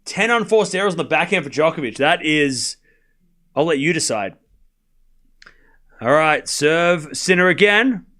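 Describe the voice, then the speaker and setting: A man streaming a tennis watchalong, calling every shot in rapid play-by-play and bantering teasingly with his chat. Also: fairly high pitch. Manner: rapid rally calling, bursts into excited shouting on big points. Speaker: live tennis watchalong commentator. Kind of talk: live stream play-by-play commentary.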